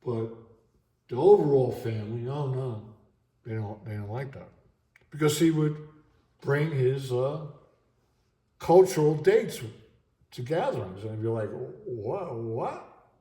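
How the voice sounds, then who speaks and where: Middle-aged male vlogger, halting and emotional delivery, mellow tone, recorded in an echoey room at home. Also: mid-range voice, lively intonation. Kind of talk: unscripted monologue vlog.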